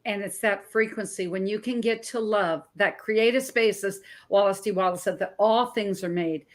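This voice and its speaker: A woman's voice: mid-range voice, normal speed. A woman in her sixties, a health coach hosting an interview show, asking enthusiastic, rambling questions. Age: 60s.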